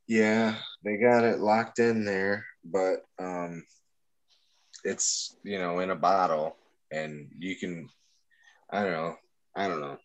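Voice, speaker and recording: Laid-back rambling man, lowish voice. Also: steady tone, slow pace. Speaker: livestream co-host. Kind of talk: casual group chat.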